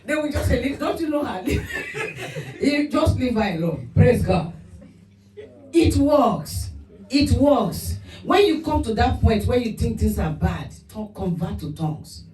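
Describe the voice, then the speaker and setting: A woman pastor preaching a lively sermon, laughing often and breaking into mock speaking in tongues. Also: on the high side, slow pace. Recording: echoey room, voice from a distance.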